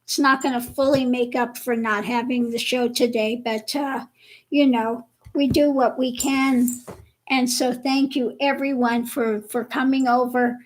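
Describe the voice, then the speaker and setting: A woman hosting a casual livestream chat with viewers, slow and chatty, laughing often, with her voice a bit worn. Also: a little high, level tone, rough recording. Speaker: livestream host.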